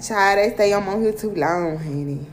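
A woman's voice: medium pitch, moderate pace, reverberant, soft background music. A woman speaking in as the host of a livestream, giving profane motivational talk and repeating "period" and "okay".

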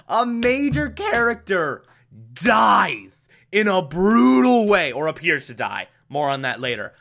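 Slow, bright-toned sarcastic episode reviewer. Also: mid-range voice, big pitch swings, vocal fry. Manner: sarcastic, exasperated, bursts into laughter. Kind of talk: casual recap commentary.

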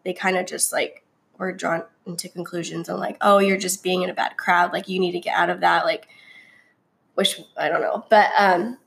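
A young woman chatting openly about her story, full of fillers, sometimes bubbly and sometimes quiet. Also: mid-range voice, vocal fry. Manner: chatty, many fillers, shifts from bubbly to subdued. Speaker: guest sharing her story. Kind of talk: casual heartfelt conversation.

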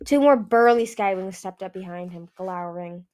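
A woman's voice: medium pitch, moderate pace, a little mellow. A woman reading a fantasy novel aloud in plain narration, now and then correcting herself. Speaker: audiobook reader.

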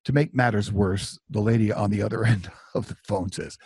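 Gravelly, husky middle-aged male storyteller. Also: on the low side, brisk, a little mellow, no room sound, clean studio sound. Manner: conversational, self-deprecating, with asides. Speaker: author and storyteller. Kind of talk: personal storytelling.

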